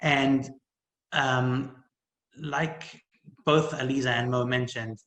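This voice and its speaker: A man giving a personal testimony as a panel speaker at a community event, heartfelt and halting, with many restarts and fillers. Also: mid-range voice, steady tone, fairly bright tone, roomy sound, low-quality recording.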